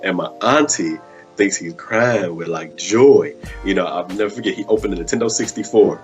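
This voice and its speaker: A man's voice: deep voice, moderate pace, soft background music. A man hosting a live web show, telling a story casually and acting out the quotes, with "man" in nearly every sentence. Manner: animated storyteller, acts out quotes, says "man" often.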